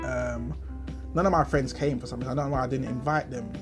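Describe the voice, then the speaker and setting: A man's voice: mid-range voice, fairly even intonation, quick pace, music in the background. A young man with a London accent hosting a solo podcast, telling a story as an indignant, slang-heavy rant full of rhetorical questions. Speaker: podcast host.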